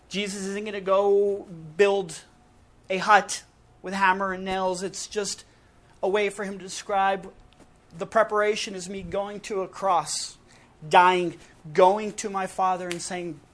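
A man preaching a sermon in a casual, emphatic way, with dramatic pauses between short punchy phrases. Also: high voice, level tone, a bit bright.

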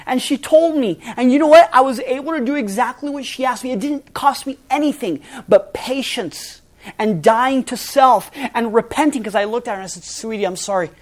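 With a very high voice at a normal speed, a middle-aged pastor preaches animatedly and emphatically. His loudness swings back and forth between strong and soft.

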